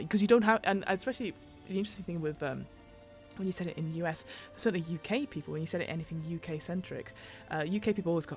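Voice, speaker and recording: Gravelly, low-voiced British woman. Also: fast talker, a little mellow, faint music behind. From United Kingdom. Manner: rambling, self-interrupting, tangents. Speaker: podcast host and game master. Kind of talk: reading a rulebook aloud with chatty asides.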